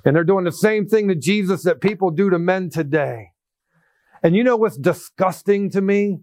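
A man preaching a sermon as pastor, animated, acting out scripture quotes in different voices and laughing now and then. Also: high voice, normal speed, no echo, clean studio sound.

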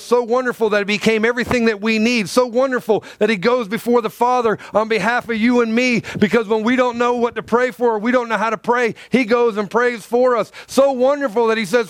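A man preaching a sermon in a church, impassioned and repetitive, acting out quoted lines with swings between loud and soft. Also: very high-pitched, clear, resonant tone, no echo.

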